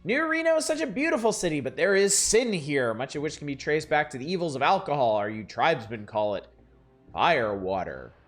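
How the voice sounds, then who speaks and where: A man's voice: fairly high pitch, lively intonation, brisk, soft background music, lightly acted. A man voicing a prim, preachy older temperance lady with a sugary, condescending manner while reading game dialogue aloud.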